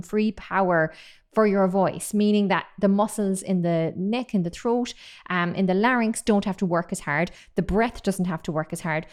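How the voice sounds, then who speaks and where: Brief: woman, 30s, upbeat vocal coach, smooth resonant tone, mid pitch. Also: darkish tone. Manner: enthusiastic, chatty, demonstrates sounds. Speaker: singing voice coach. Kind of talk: vocal technique lesson.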